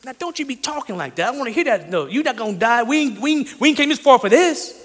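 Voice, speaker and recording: A man's voice: very high voice, expressive, fast talker. A man voicing Peter as a blunt, protective male disciple, pleading in a folksy, confiding way. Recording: long hall reverb.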